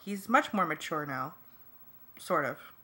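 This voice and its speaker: A woman voicing a wry, protective teenage boy, speaking low and dry. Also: animated, measured pace, sharp tone, full character voice.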